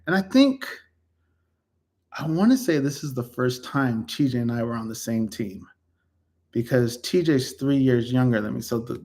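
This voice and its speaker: A man's voice: mid-range voice, darkish tone. A man in his fifties telling stories from his own life in a casual, rambling way, full of ums and self-corrections. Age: 50s. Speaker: YouTuber reflecting on his life. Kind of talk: casual personal storytelling.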